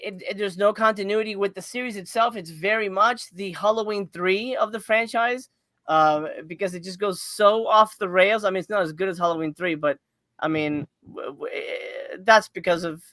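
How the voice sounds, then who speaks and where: A podcast host with a bright, forceful voice, rambling through a casual movie review. The delivery is loose and profane, with frequent laughter. The sound is dry and close, with no room echo. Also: mid-range voice, normal speed.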